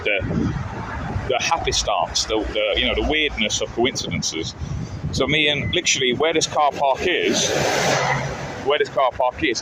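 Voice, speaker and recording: Rambling man streaming outdoors. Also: lowish voice. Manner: rambling and jokey, with many restarts. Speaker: live streamer. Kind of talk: casual rambling storytelling. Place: outdoors on town streets. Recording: outdoor street noise. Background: traffic and street ambience.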